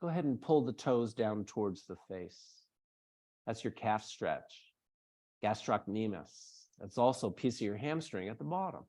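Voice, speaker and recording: A man who is a yoga teacher, explaining hamstring anatomy to a class and then slowly guiding them through a strap stretch. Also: on the low side, lively intonation, darkish tone. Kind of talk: yoga workshop instruction.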